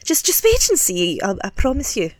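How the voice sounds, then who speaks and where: Gossipy ship's cleaner, played by a woman, sing-song high voice, dry sound. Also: wildly swooping pitch, moderate pace, dry recording. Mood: gossipy grumble. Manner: grumbling, confiding gossip.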